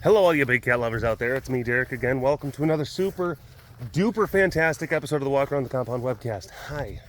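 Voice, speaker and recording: In a walk-around vlog outdoors at a rural animal facility, the animal keeper rambles playfully and chats to the animals. His medium-pitched voice is expressive and fast, and a little hiss or hum sits under the audio.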